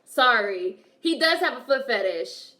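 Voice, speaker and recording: A woman's voice: fairly high pitch, expressive, unhurried, pushed and bright. A woman streamer reacting to a film, chatting casually, laughing often and reading her chat aloud.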